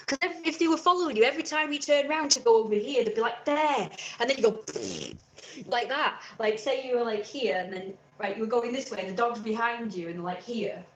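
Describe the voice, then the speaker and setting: A woman's voice: medium pitch, muffled recording. A young woman chatting casually on a home live stream, rambling and acting out little scenes with sudden squeals. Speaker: vlogger. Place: at home indoors. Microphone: camera mic.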